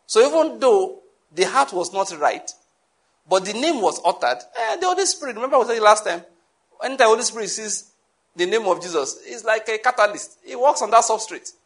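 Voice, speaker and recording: A man preaching a sermon, emphatic, repeating key phrases and sometimes bursting into shouts. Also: high voice, big pitch swings, brisk.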